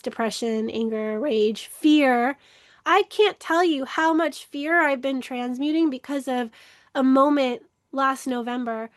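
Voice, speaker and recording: A woman's voice: high-pitched, dry recording, clean studio sound. A woman leading a casual spiritual teaching to camera, earnest and reflective, often repeating words for emphasis. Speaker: workshop leader in emotional healing.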